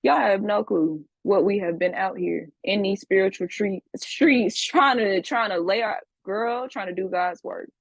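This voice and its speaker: A woman's voice: medium pitch, measured pace, gravelly, hardly any pauses, dry recording. A woman teaching a class, scolding her students with profanity and repeating herself for emphasis. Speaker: spiritual teacher. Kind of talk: livestream class lecture.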